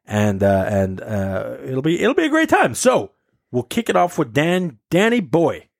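A man's voice: mid-range voice, wildly swooping pitch, unhurried, vocal fry, dry recording, clean studio sound. Upbeat man hosting a podcast. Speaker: podcast host. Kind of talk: casual group chat.

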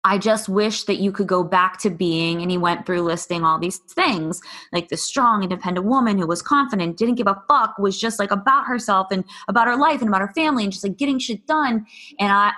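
A woman's voice: medium pitch, brisk, bright, forceful tone. A woman, a podcast guest, speaking candidly and bluntly about her own hard experiences, swearing freely and quoting past conversations. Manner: raw, blunt, swears freely, quotes herself and others.

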